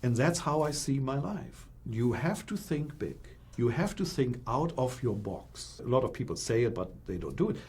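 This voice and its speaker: A middle-aged man from Germany with a German accent, a guest in an interview, telling his story with animated, acted-out quotes. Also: mid-range voice, moderate pace, hardly any pauses, breathy edge.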